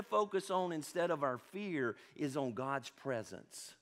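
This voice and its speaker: A male pastor preaching a fervent sermon in a church. He swings from hushed to loud and calls questions out to the congregation. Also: a little high, expressive, measured pace, hardly any pauses. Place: church sanctuary.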